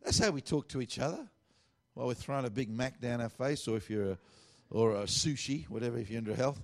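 This is a middle-aged Australian man preaching a sermon. His delivery is relaxed and conversational, full of asides and plain talk. His pitch sits in an ordinary middle range for a man. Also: fast talker.

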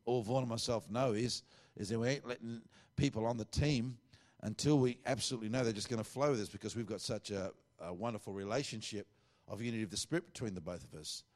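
A man's voice: fairly low pitch, fast talker, darkish tone. A middle-aged man with an Australian accent, preaching a sermon in a casual, conversational way with asides.

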